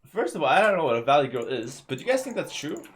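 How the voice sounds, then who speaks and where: A young man from South Carolina streaming a game, talking casually with viewers in a relaxed, rambling way and often repeating words. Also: on the high side, racing, a little hiss or hum. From South Carolina, USA. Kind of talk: casual live-stream chat.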